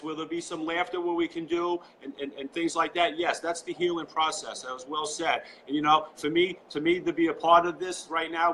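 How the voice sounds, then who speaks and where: A man with a New York accent talks as an interview guest. His voice sits a little high and rings bright and forceful. He speaks with fervent conviction and circles back on his words. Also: slight background noise, rough recording. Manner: fervent, repeats "you know" often. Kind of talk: casual interview chat. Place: at home.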